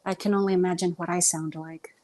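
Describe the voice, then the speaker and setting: Fast and mellow, with a fairly low pitch and steady tone, a young woman from Texas hosts a casual livestream in a Southern accent. She's chatty and self-conscious, filling her talk with ums.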